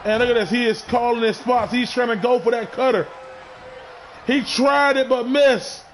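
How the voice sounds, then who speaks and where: A man with a very high voice calls a wrestling match play by play, loud and excitable, often shouting and tripping over his words. A faint crowd murmurs behind him. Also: normal speed, a little hiss or hum. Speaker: wrestling commentator. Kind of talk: play-by-play commentary.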